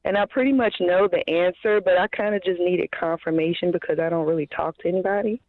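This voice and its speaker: A woman's voice: lowish voice, no room sound. Female caller, emotional and hesitant, thin phone-line sound. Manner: hesitant, full of pauses and fillers. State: emotional, on the verge of tears. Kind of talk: phone-in call.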